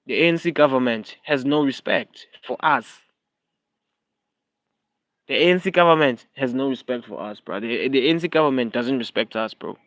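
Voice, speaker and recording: A young South African man vents on a casual livestream, his South African accent clear as he circles back over the same points again and again. He sits at middle pitch, close to a dry mic with no room sound around him. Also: moderate pace, fairly bright tone, no room sound. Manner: heated, repetitive, slips into Zulu phrases. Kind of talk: casual live-stream rant.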